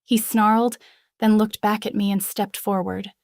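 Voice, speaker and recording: A woman reading a first-person fantasy novel aloud in a dramatic, expressive way. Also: mid-range voice, moderate pace, dry recording, clean studio sound. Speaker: audiobook narrator.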